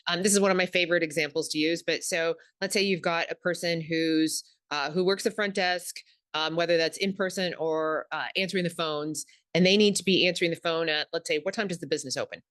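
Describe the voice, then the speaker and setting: A woman's voice: on the low side, a little fast, no echo, studio quality. A woman speaking as a communication expert in an interview, explaining step by step and acting out bits of example dialogue. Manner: animated, acts out example dialogue.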